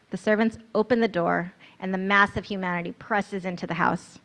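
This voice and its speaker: A woman's voice: mid-range voice, steady tone, fairly quick, hardly any pauses, fairly bright tone. A woman narrating a guided scripture meditation in the second person, in an earnest, storytelling manner.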